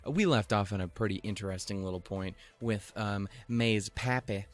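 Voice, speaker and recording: A man's voice: on the low side, normal speed. A man from Montana hosting a casual reaction video, giggly, swearing freely and poking fun at himself. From Montana, USA. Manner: giggly, profane, self-mocking.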